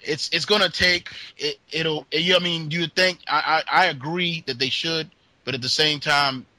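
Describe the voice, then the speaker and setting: A man co-hosting a casual gaming podcast, talking excitedly with many stammered restarts and frequent laughter. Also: a little high, normal speed, no echo, low-quality recording. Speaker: podcast co-host.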